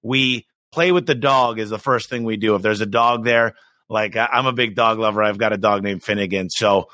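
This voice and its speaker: A middle-aged man talking in a casual podcast interview, energetic and emphatic, often restarting his sentences. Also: lowish voice, no echo. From United States. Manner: energetic, emphatic, quick restarts, acts out quoted voices. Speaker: business owner guest.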